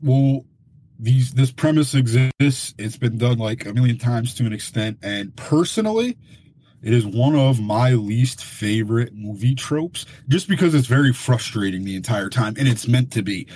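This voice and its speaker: A man's voice: medium pitch, expressive, normal speed, a little mellow, husky. A man co-hosting a podcast in casual chat, opinionated and swearing when he gets frustrated. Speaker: podcast co-host.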